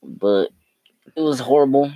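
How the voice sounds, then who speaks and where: A man's voice: mid-range voice, animated, a little slow, gravelly, dark tone, no echo. A young man co-hosting a podcast in casual chat, teasing and rambling with lots of slang. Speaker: podcast co-host.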